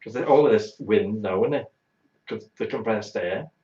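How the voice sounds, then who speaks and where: A man's voice: fairly low pitch, normal speed, warm tone. A man hosting a talk show, telling a blunt, exaggerated, bawdy comic anecdote. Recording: roomy, dull lo-fi sound.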